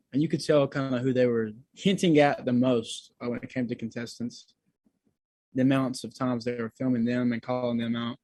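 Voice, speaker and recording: Young man, casual interview guest, loose and slangy, mid-pitched voice. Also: a little mellow, no echo, poor audio. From Georgia, USA. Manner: laid-back, slangy, talks to the host as "bro" and "dude". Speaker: guest, singer.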